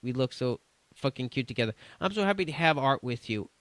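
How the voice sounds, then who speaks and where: A man's voice: mid-range voice, lively intonation, fairly quick, fairly bright tone, dry recording. A man streaming, reading chat messages aloud in a casual, stumbling way with restarts and swearing.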